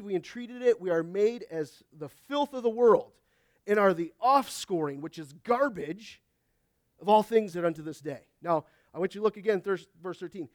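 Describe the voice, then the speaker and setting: Male pastor, high-pitched, chatty preaching style, reads scripture aloud, dry recording. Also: dry recording. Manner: conversational preaching, often asking the congregation "Amen?"; reads scripture aloud in old biblical wording. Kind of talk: sermon. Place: church service.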